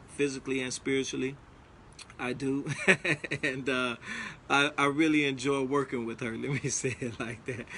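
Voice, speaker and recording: A man's voice: medium pitch, a bit bright, slight background noise. A man giving a casual motivational talk, preachy and emphatic, repeating his key lines. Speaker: motivational speaker.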